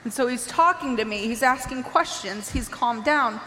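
A woman giving an emotional personal testimony, impassioned and pleading, rising at times to near shouts. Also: fairly high pitch, moderate pace, few pauses, big-room sound, slight background noise.

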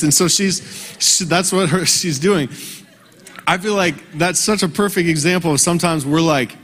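A man's voice: a little high, fairly bright tone. Earnest preacher man in a reverberant hall. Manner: conversational, earnest, slows down for emphasis. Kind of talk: sermon. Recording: long reverb from a large hall.

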